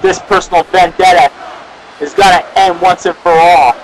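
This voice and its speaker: An excitable young man with a high voice calls a wrestling match play by play, often breaking into shouted exclamations. The amateur recording is noisy, with a crowd clearly audible behind him. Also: moderate pace. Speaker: wrestling commentator.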